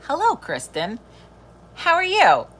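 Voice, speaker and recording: A woman's voice: sits high, wildly swooping pitch, takes it slowly, a bit bright, slight background noise. A middle-aged woman hosting a live stream, chatting casually, swearing freely and laughing often. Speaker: livestream host.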